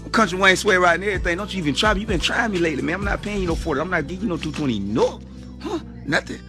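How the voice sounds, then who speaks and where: A man's voice: high-pitched, sing-song, rapid-fire. A man playing a barbershop customer in a comedy sketch, arguing indignantly and with animation. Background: music.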